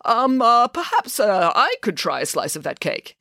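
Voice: medium pitch, big pitch swings, fairly quick, fairly bright tone, dry recording, studio quality, voice pushed up. A storyteller's greedy, pleading foolish king. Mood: eager. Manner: eager and pleading.

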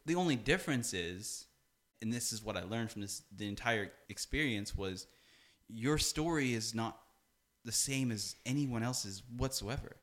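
A young man talks as a podcast guest in a relaxed, storytelling way. He leans on "like" constantly and jumps into quoted voices to act out scenes. His voice sits at an ordinary middle pitch for a man. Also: normal speed. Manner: animated, fills speech with "like", acts out quoted dialogue. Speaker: podcast guest, music producer. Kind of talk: casual storytelling conversation.

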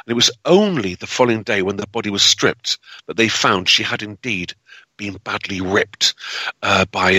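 Bright-voiced guy telling an old crime story, dramatic, lots of ums and uhs, dry close mic. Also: lowish voice, husky, no echo, poor audio. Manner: dramatic, with frequent fillers and restarts. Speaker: historical storyteller. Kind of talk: spoken history storytelling.

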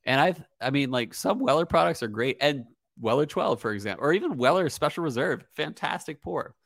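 A man co-hosting a casual whiskey tasting, talking in a relaxed, hedging way with lots of fillers. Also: a little high, brisk, gravelly, no room sound, studio quality. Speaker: co-host, whiskey reviewer. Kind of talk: casual chat.

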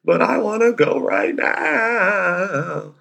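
A man's voice: sits high, very slow, gravelly, bright, forceful tone, voice pushed up, heavily acted. A man voicing a tearful four-year-old boy who pleads and whines to stay at school. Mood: whiny pleading.

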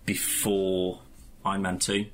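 A man in casual podcast chat about a film, rambling and animated, swearing and slipping into mock voices. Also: sits low, takes it slowly. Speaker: podcast co-host.

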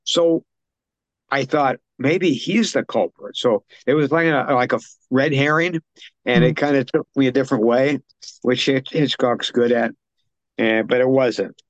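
Male podcast co-host, mid-pitched, chatty plot recap, loose and rambling, dry close mic. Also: steady tone, measured pace, no echo, highs cut off. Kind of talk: casual film discussion.

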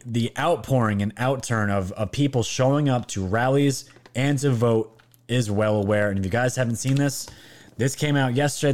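Male commentary host, mid-pitched, sarcastic and emphatic, talks straight to his audience. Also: a little mellow. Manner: mocking, incredulous, emphatic. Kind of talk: reacting to clips, direct address to viewers.

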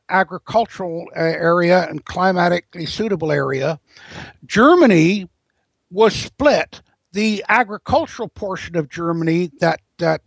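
A man with a high, gravelly voice gives interview commentary as a guest, winding through long explanations and frequently restarting sentences. The low-quality recording sounds close and dry, with no echo.

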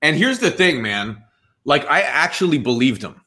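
A man's voice: a little high, normal speed. A man in his forties with a New Jersey accent, telling his story as an interview guest and acting out the dialogue, with "dude" and "man" thrown in. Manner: animated, acts out quoted dialogue, says "dude" and "man". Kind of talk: casual storytelling.

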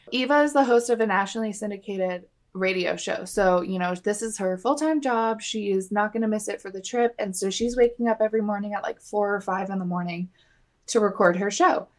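A woman's voice: medium pitch, brisk, a little mellow. A woman co-hosting a podcast, recapping a reality show in chatty, casual talk full of "like". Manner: chatty, lots of "like", acts out quotes. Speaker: podcast co-host.

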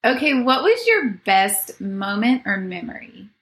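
A woman's voice: medium pitch, very animated, a little slow, a bit bright, a little hiss or hum. A woman hosting a podcast, reacting sympathetically and encouraging her guest. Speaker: podcast host. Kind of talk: casual interview chat.

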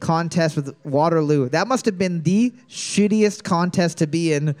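Trivia host, male, higher register, reads questions twice, jokes in between. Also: a little slow, a little mellow. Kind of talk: comedic trivia podcast banter.

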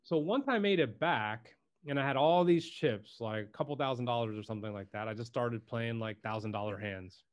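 Brief: male podcast guest, mid-pitch, casual, emphatic, salty language, lots of restarts. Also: fairly quick. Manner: emphatic, loose and profane, with many restarts. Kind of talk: casual chat.

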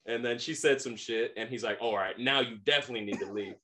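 A man's voice: medium pitch, quick pace. A man in his thirties co-hosting a podcast, telling a story casually, laughing often and acting out the people in it. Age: 30s. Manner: animated, laughs often, acts out quoted voices. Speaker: podcast co-host.

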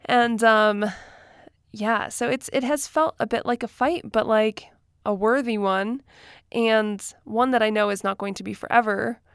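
A woman's voice: fairly high pitch, fairly even intonation, measured pace, clear, resonant tone, no room sound, studio quality. A young woman talking candidly in a casual vlog, chatty, laughing often and using many fillers. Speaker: vlogger and author. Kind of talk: casual personal talk to camera.

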